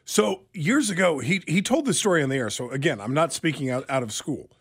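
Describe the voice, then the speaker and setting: A man's voice: fairly high pitch, lively intonation, brisk, husky. A man hosting a radio show, leading the talk and telling stories in a chatty way. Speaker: host. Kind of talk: casual radio show banter.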